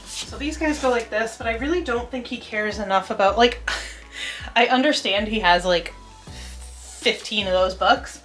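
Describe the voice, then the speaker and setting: Chatty woman over background music. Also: medium pitch. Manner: chatty, scattered, laughs often. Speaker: book vlogger. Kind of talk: casual chat while organizing. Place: home room with bookshelves. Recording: music playing underneath.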